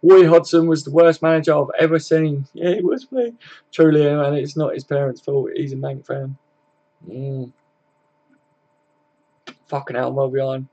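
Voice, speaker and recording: Male stream host with a gravelly, slightly high voice. Laid-back, loose chat with viewers, frequent swearing. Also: fairly even intonation, moderate pace, long pauses, dark tone, lo-fi sound. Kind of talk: casual live stream chat.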